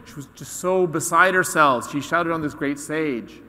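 A man giving a keynote talk to an audience, telling a story in an animated way and acting out the voices of its characters. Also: a little high, normal speed, hardly any pauses. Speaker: conference speaker. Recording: long hall reverb.

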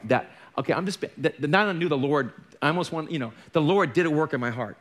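A man's voice: a little high, fast, fairly bright tone. A middle-aged man preaching a sermon as a pastor, candid and conversational, with joking asides. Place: church.

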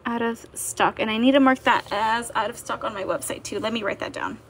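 A woman's voice: on the high side, brisk, a bit bright. A young woman chatting casually on a livestream as she fills orders, bubbly and chatty, reading viewer comments aloud. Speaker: livestream seller.

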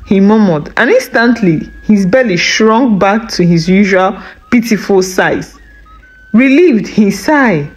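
A woman with a Nigerian accent narrating a scripted folktale in an expressive, sing-song way. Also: mid-range voice, takes it slowly, faint music behind, low-quality recording. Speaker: storyteller.

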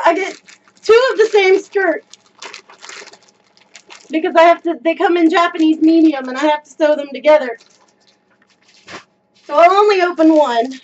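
A woman gushing and squealing as she unboxes a skirt in a home video vlog, breathless with excitement. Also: very high voice, unhurried, pauses often, muffled recording.

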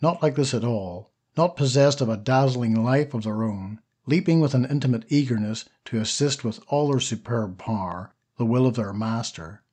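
A man narrating a short story as an audiobook, steady and even. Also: mid-range voice, normal speed, few pauses, breathy edge. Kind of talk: scripted narration.

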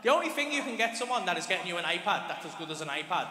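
A young male comedian with a Liverpool accent tells a story on stage, excitable and swearing constantly. His voice sits high and races along. The live club recording is echoey, with a long hall reverb and clear audience noise. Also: very fast. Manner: excitable, profane, rambling. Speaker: stand-up comedian.

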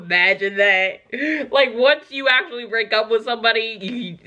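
A woman hosting a song reaction video, chatting excitedly, exclaiming and laughing often. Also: on the high side, a little slow, few pauses, lo-fi sound, very noisy. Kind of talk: excited casual reaction chat.

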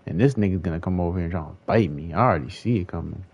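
A man's voice: low-pitched, racing, darkish tone, husky, lo-fi sound. A young man giving casual gameplay commentary, frustrated and swearing as he talks to himself. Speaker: gaming streamer.

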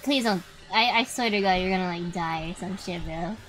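A young woman streaming a game, chatting to her viewers with lots of swearing and sudden excited outbursts. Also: lowish voice, moderate pace, soft background music, rough recording. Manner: excitable, swears freely, talks to chat. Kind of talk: live gameplay commentary.

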